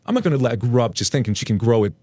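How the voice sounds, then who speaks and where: A man's voice: mid-range voice, very animated, very fast, dark tone, dry recording. A man voicing a pushy, judgmental entitled mother in a story reading, with a nosy and scolding manner. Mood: indignant. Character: shrill, pushy middle-aged woman, an entitled mother.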